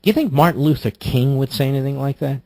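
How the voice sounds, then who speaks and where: A man hosting political talk radio from a studio mic, indignant and mocking, cutting in with sharp outbursts. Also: mid-range voice, fast talker, no echo. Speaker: radio talk show host. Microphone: studio microphone.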